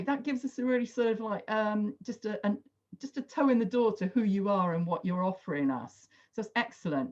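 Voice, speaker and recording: A woman with a medium-pitched, slightly mellow voice leads an online workshop over video call. Encouraging and talkative, she sprinkles in lots of "sort of" hedges, heard through dull, lo-fi call audio.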